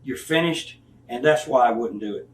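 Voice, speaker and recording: A man's voice: medium pitch, moderate pace. A man in his fifties, a retired wrestler giving a candid interview, blunt and profane, acting out the people he talks about. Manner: blunt, profane storytelling, acts out quoted people. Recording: echoey room, mic at a distance, faint hiss.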